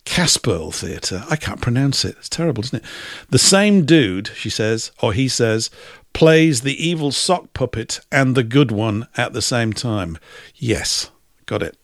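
A man's voice: medium pitch, animated, a little slow, no room sound, clean studio sound. A man hosting a casual podcast chat, talking in a chatty way, laughing often and reading out viewer comments. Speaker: host.

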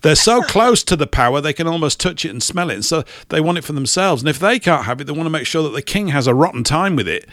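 A man hosting a casual talk show from a studio, telling stories in an animated, wry and emphatic way. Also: on the high side, fast talker, hardly any pauses, dry recording. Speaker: radio host. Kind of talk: casual chat.

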